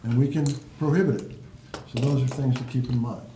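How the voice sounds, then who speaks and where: Man at a board meeting, mellow tone, earnest, echoey room with the mic at a distance. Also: mid-range voice, fairly even intonation, a little fast, slight background noise. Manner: earnest, thinking aloud with restarts. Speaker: board member at a community meeting. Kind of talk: community meeting discussion.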